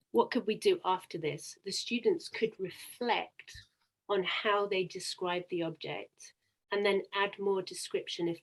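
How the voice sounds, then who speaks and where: A woman presenting a teaching webinar over a video call, upbeat and guiding the talk with questions. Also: fairly low pitch. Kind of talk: webinar presentation and demo dialogue.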